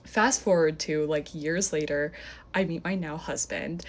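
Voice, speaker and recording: A young woman telling a dating story in a casual, animated way, full of "like" fillers. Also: deep voice, a little slow.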